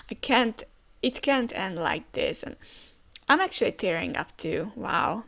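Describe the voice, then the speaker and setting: A woman's voice: medium pitch, animated, a little slow, creaky, fairly bright tone. A woman reading a comic aloud and reacting in a chatty, emotional way. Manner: chatty, emotional, laughs often. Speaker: manga reader reacting.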